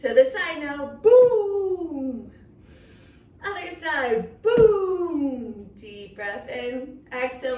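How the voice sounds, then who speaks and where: A woman leading a children's yoga story time, encouraging and playful, making silly animal sounds along the way. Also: on the high side. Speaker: kids yoga instructor. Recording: roomy, from a distance, faint noise.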